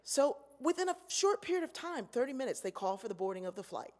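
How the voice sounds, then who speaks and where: A woman delivers a storytelling keynote, her fairly high voice carrying long reverb through a large hall. She slips in and out of the voices of the people in her stories, animated and conversational. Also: quick pace, slight background noise. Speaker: keynote speaker. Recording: echoey hall.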